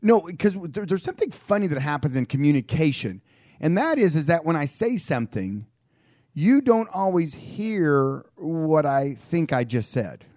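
Animated man on a dry studio mic. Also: on the high side, moderate pace, no echo. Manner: animated, acts out quoted lines, restarts often. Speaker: radio co-host. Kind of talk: casual radio chat.

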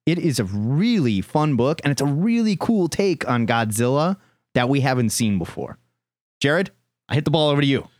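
A man with a medium-pitched, very animated voice co-hosts a comic book podcast at a moderate pace, chatting enthusiastically and hyping his picks in announcer-style bursts. There is no room sound, and the audio is studio quality.

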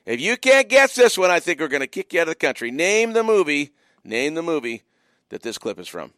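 A man runs a movie trivia call-in radio show, his fairly high voice swinging up and down with animated, teasing energy as he speaks briskly. He keeps repeating the call-in number and needling listeners in casual chat, and the studio sound is close and dry with no room sound.

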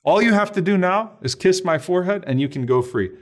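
A man's voice: sits high, animated, fairly quick, voice pushed up. A man voicing a proud, cruel male emperor who bargains and commands during a retold story. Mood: coaxing, commanding.

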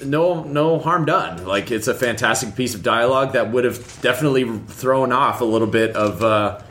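A man's voice: medium pitch, moderate pace, fairly bright tone. A man co-hosting a fan podcast in casual chat, rambling, with frequent restarts and eager enthusiasm. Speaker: podcast co-host.

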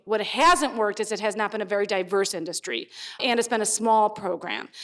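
A woman legislator on a live panel, confidently explaining how a regulatory program works. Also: mid-range voice. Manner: confident and explanatory, with small restarts. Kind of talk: explanatory policy talk at a live taping.

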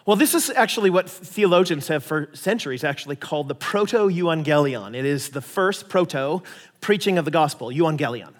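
A male pastor preaching a lively, conversational sermon with casual asides. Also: a little high, moderate pace, big-room sound. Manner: animated, conversational preaching with asides and paraphrased voices.

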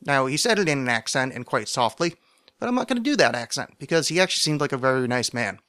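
A man hosting a podcast, telling a comic story in a sardonic, self-mocking way, with mumbled asides and loud animated bursts. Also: medium pitch, quick pace, no echo, studio quality. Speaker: podcast host. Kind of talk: comedic storytelling monologue.

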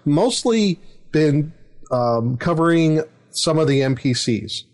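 A man's voice: a little high, animated, takes it slowly, darkish tone. A middle-aged man, a dungeon master, telling a story in casual chat, rambling with fillers and chuckles. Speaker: dungeon master, podcast host.

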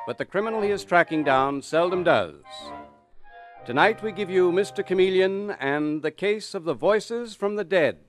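A male announcer introducing and narrating a 1940s radio mystery in a dramatic, declamatory style. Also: sits high. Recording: old radio broadcast with music underneath.

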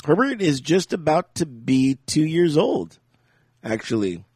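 A man with a slightly high voice co-hosts a casual podcast, telling meandering stories and laughing often. He acts out the lines people said to him. The sound is very dry and close. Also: big pitch swings, a little slow, darkish tone, husky, dry recording. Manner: rambling storyteller, laughs often, acts out quotes. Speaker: podcast co-host. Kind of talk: casual chat.

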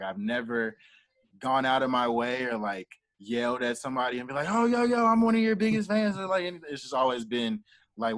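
A young man chatting in a relaxed interview, voice in the middle range for a man. He talks in a casual, rambling way and slips into quoted back-and-forth as he tells stories. The sound is dry and close, with no room echo. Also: medium pitch. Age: young adult. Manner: animated storyteller acting out quoted dialogue. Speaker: guest, entrepreneur and artist manager.

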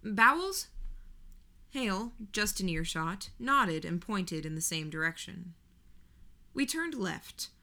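A woman narrating a first-person audiobook in an even, measured reading. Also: on the low side, gravelly.

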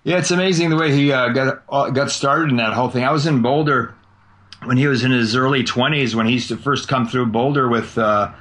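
A man chatting casually on a podcast, winding through a long anecdote at an easy, conversational pace. He sounds relaxed and talkative, drawing some words out as he goes. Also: medium pitch. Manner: storytelling, chatty, drawn-out words. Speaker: podcast host. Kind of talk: casual chat.

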